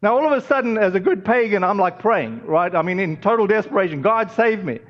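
A man with a fairly high voice preaches in an easy, chatty way, full of ums and asides. The audio is a bit dull and muffled. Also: expressive, fast talker. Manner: conversational, storytelling with many fillers. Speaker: pastor. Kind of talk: sermon.

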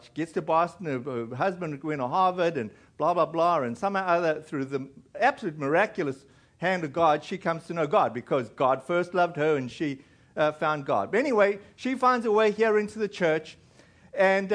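A man with a high-pitched voice preaches a sermon in a church. He tells his story in a loose, rambling way, full of fillers and restarts. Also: fairly bright tone. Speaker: pastor. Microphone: recorded in a church.

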